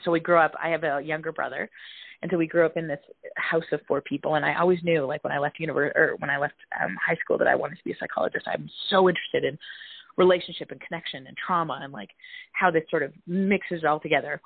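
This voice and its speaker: A woman's voice: sits low, steady tone, fast talker, gravelly, husky, no echo. A woman in her forties, a psychologist and author, telling a family story in a casual interview and acting out the voices she quotes. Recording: dry, tinny phone-like audio.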